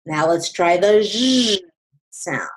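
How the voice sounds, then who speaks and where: A middle-aged woman gives an online Spanish lesson and pronounces drill words with an Ecuadorian Andean accent. Her pace is unhurried and measured, and each word gets its own moment. Between drills she shifts into friendly, chatty encouragement. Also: fairly low pitch, lively intonation. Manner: slow, deliberate word-by-word modeling, then chatty encouragement. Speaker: Spanish teacher.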